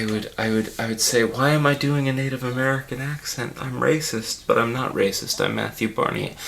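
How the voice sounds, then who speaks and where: A self-important male art-film director, queasy and dizzy, rambling through a comedy commentary track in a bright, forceful voice, as a man puts him on. He drifts between panic and grandeur. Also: mid-range voice, vocal fry. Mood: pompous. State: unwell and dizzy.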